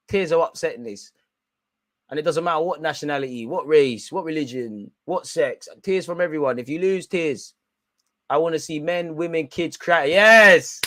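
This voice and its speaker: A young man, loudly and gleefully ranting with street slang during a live football watch-along. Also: fairly high pitch, dry recording, studio quality.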